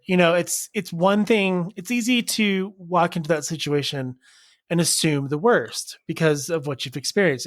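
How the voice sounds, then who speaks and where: A man's voice: fairly high pitch, no echo, clean studio sound. A man co-hosting a casual podcast, reflective and supportive as he talks things through. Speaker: podcast co-host. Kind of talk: casual chat.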